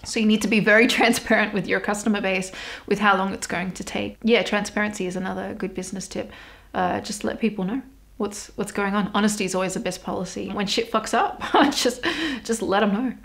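A woman's voice: medium pitch, fairly even intonation, a little fast, gravelly, a bit bright. A young Australian woman hosting her own podcast, talking candidly and swearing casually, with frequent laughter. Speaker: podcast host. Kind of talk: casual solo podcast chat.

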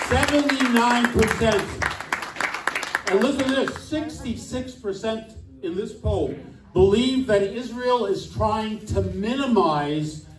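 New man, high-pitched and emphatic, political speaker in an echoey room, off-mic. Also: far from the mic, slight background noise. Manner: emphatic, rhetorical questions, indignant. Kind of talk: political speech. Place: club meeting room.

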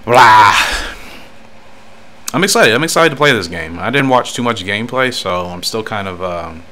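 A man's voice: lowish voice, expressive, a little fast, pushed and bright. A man giving casual, chatty gameplay commentary, laughing often and explaining as he plays. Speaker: gaming YouTuber.

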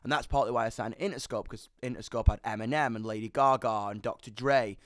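A man's voice: medium pitch, no echo, clean studio sound. A young man, telling a story with energy and lots of swearing in an interview. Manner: fast, animated, sweary storytelling. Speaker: musician guest. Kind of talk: candid storytelling chat.

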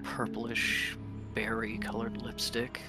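A man narrating as game master of a tabletop game, in a hushed, measured way. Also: on the low side, monotone, loud music behind the voice.

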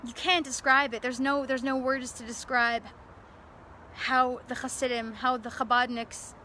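A young woman talks in a high, bright voice, pouring herself into a heartfelt story. She is emphatic and emotional, circling back to the same phrases with plenty of fillers along the way. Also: flat delivery, measured pace, a little hiss or hum. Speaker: speaker promoting a religious event. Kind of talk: impassioned storytelling monologue.

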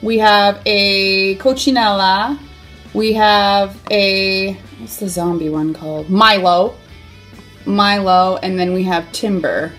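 A woman's voice: medium pitch, fairly even intonation, slow, fairly bright tone, faint music behind. Playful chatty woman unboxing toys. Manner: playful and chatty, with silly sound effects. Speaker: toy unboxing host. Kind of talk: casual unboxing chat.

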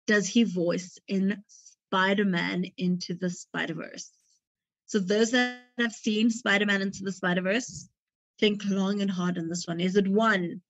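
A young woman hosts a movie quiz at an unhurried pace, reading each option slowly and adding chatty asides. The recording is dull and lo-fi, with a dry, close sound. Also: medium pitch, no echo. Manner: chatty, laughs at her own jokes. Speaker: quiz host.

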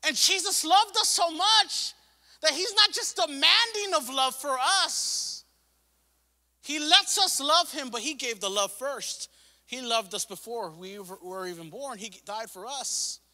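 High, bright-voiced man preaching. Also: a little slow, long reverb tail. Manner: impassioned, rising and falling preaching with repetition; casual slang and asides. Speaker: pastor. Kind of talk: sermon. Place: church sanctuary.

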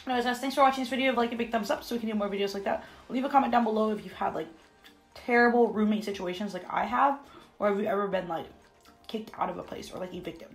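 A young woman talks in a loose, relaxed way while she eats, filling her sentences with "like." Her pitch sits in a middle range, and soft music plays quietly underneath. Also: fast talker, poor audio. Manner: relaxed, says "like" constantly, eating between sentences. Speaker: food vlogger. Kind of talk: casual mukbang chat while eating. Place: bathroom at home.

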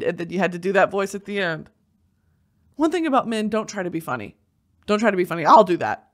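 Young woman host, brash and theatrical, wildly lively intonation, uncensored casual chatter. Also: mid-range voice, a little fast, long pauses. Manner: animated, bursts of shouting and laughter, swears freely. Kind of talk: casual commentary.

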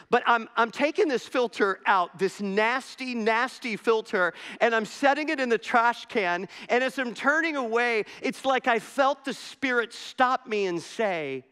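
Middle-aged guy preaching, funny self-mocking stories, high voice, big echoey church. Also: sharp tone. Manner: storytelling with humor and self-deprecation. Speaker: pastor. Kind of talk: sermon. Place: church sanctuary.

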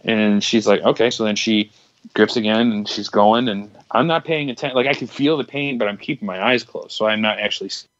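A man's voice: lowish voice, fairly quick, a bit bright, no room sound, muffled recording. A young man on a podcast telling a long, candid story, rambling with many restarts and crude words. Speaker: podcast co-host. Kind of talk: casual storytelling chat.

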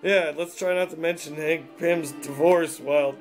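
Male comic reviewer, crude and mocking, quick and high, over faint music. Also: fairly even intonation. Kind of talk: profane comedic comic review.

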